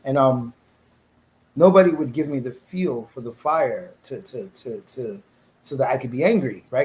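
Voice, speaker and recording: A man's voice: medium pitch, normal speed, a little hiss or hum, poor audio. A middle-aged man, telling his life story as an interview guest and acting out the voices of people he quotes. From New York, USA. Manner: animated storyteller who acts out quoted voices.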